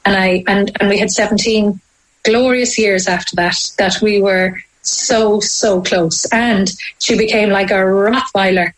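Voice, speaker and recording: In a low-quality recording, an Irish-accented woman from Ireland recounts a deeply personal story during an interview. She keeps a steady tone yet speaks haltingly and emotionally, restarting often.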